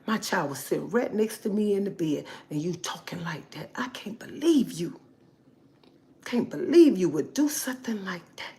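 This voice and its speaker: A woman voicing a gossiping, scandalized woman viewer in a hushed, mocking whisper. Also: high-pitched, animated, moderate pace, gravelly, hardly any pauses, voice pushed up.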